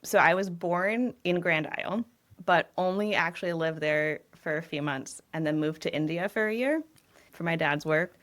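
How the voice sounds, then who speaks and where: A woman in her thirties from New England talks as a guest in a casual interview. She is chatty and tells stories at length. Her voice sits slightly low and she laughs easily. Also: normal speed, fairly bright tone. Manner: chatty, laughs often, rambling storyteller. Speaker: real estate agent, guest.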